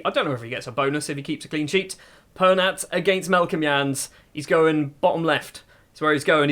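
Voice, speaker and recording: Male gaming host with a fairly high voice, lively play-by-play over gameplay. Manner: excitable play-by-play, musing aloud. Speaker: gaming YouTuber. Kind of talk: football management game commentary.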